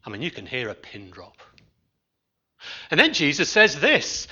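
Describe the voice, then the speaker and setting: A man delivering a sermon with a very bright, forceful tone and a lively, rising-and-falling pitch. He preaches expressively, leaning into dramatic pauses and letting phrase ends sink quietly. The recording sounds dull and lo-fi. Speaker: minister.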